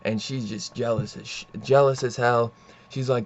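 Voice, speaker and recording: A man's voice: medium pitch, steady tone, moderate pace, lo-fi sound. A young man casually retelling a comic plot, rambling and swearing, full of fillers and asides. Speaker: comic book reviewer. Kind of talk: casual comic book review.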